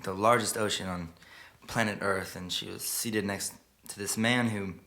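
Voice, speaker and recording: A man quietly murmuring a story as the spoken intro of a song. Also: fairly low pitch, steady tone, moderate pace. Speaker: singer telling a story before a song. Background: plucked guitar music.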